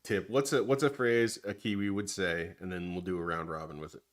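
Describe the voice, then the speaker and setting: A man's voice: low-pitched, steady tone, fairly quick. A man co-hosting a casual chat, teasing and cracking jokes. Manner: teasing, wisecracking.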